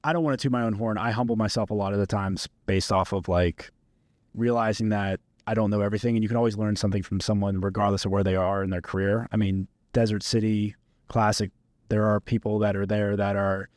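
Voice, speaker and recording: A man's voice: lowish voice, steady tone, quick pace, a little mellow, dry recording, clean studio sound. A man hosting a podcast, chatting in a friendly, reflective way with loose phrasing. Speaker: podcast host. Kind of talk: casual podcast chat.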